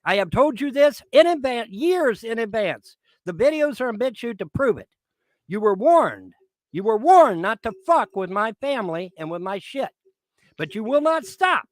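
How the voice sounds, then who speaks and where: A man's voice: very high voice, big pitch swings, normal speed, no room sound. 50s guy ranting on stream, cussing and threatening nonstop, voice jumps all over, dead dry mic. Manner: profane, threatening, repetitive. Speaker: livestreamer. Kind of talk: angry livestream rant.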